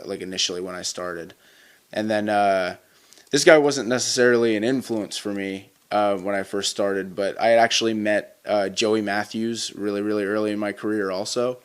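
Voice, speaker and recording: A man in his twenties, a wrestler being interviewed, telling stories casually with lots of fillers and restarts. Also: lowish voice. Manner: rambling, many fillers and restarts. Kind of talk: casual storytelling.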